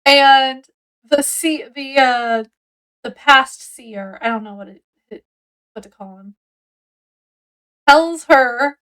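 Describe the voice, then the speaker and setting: A woman with a high voice chats through a book review at an unhurried pace. She rambles as she retells the story, filling it with likes and ums. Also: fairly bright tone, low-quality recording.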